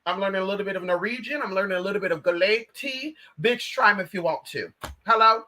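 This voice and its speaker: An American woman vlogging in casual chat, brash and profane, swinging between loud outbursts and low asides. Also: fast talker. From United States. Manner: brash, profane, addresses viewers as girl and bitch.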